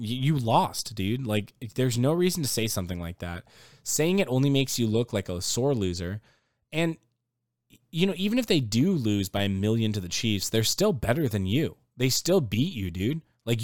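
A young man ranting in a casual sports talk, exasperated and getting louder and higher when he is worked up. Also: dry recording, clean studio sound. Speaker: sports commentator.

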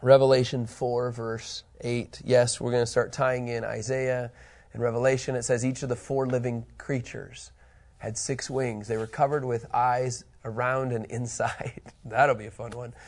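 A man teaching a Bible study, animated and emphatic, reading scripture aloud with building intensity. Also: medium pitch, measured pace.

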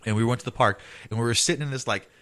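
A man's voice: medium pitch, rapid-fire, a bit bright, no room sound. A man co-hosting a casual comedy podcast, telling stories in a loose, profane way.

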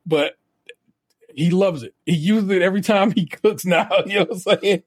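A man's voice: high voice, normal speed, breathy edge. A man co-hosting a podcast, telling stories in a laid-back, casual way with some profanity. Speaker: podcast co-host. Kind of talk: casual chat.

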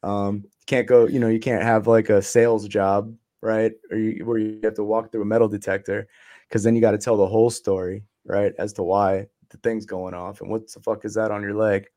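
A man's voice: lowish voice, level tone, brisk, dark tone. A man telling his story as an interview guest in casual chat, loose and profane, trailing off with ums and short laughs.

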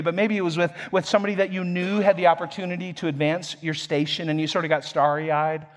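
A pastor preaching a sermon, telling a self-deprecating story with frequent chuckles and repeated words. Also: male voice, on the high side.

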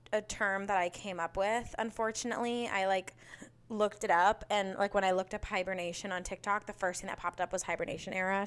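A woman's voice: mid-range voice, fairly bright tone, smooth. A young woman hosting a podcast, chatting casually and bubbly, with lots of fillers. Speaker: podcast host. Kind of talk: casual solo chat.

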